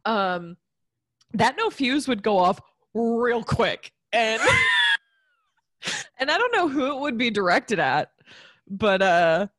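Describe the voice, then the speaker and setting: A woman's voice: a little high, huge pitch swings, slow pace, pauses often, a bit bright, no room sound, clean studio sound. A woman co-hosting a casual chat, tipsy and rambling off on giggly tangents. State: tipsy from tequila. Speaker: podcast co-host.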